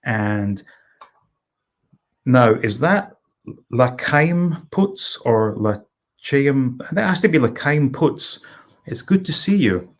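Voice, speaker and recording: A man's voice: mid-range voice, animated, slow pace, pauses often. A middle-aged man from Scotland hosting a casual live stream, reading viewer comments aloud and greeting chatters by name.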